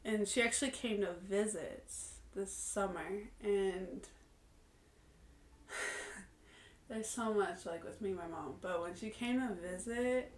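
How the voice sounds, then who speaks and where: A young woman speaks in an earnest, candid way, leaning on fillers as she reflects out loud. Her voice sits at an ordinary middle pitch. The room rings with a noticeable echo. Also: slow pace, pauses often. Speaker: vlogger. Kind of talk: casual reflective monologue. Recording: roomy echo.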